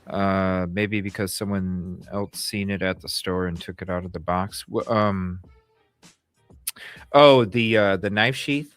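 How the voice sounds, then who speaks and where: A man's voice: deep voice, steady tone, measured pace, fairly bright tone, clear, resonant tone, dry recording, faint music behind. A man co-hosting a casual true-crime talk show, blunt and opinionated, swearing freely and restarting his sentences as he rambles. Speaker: podcast co-host.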